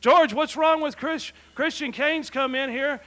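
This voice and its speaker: Announcer guy, high and bright, brisk wrestling-show patter.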